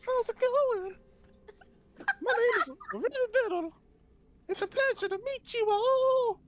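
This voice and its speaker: A man voicing a small, timid old male gnome in a high, squeaky voice. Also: expressive, unhurried. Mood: cheerful.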